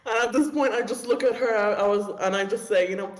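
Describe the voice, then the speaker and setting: A man's voice: high-pitched, brisk, a little hiss or hum. A man playing in a tabletop game, chatting casually and playfully, often giggling. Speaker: player. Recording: roomy echo.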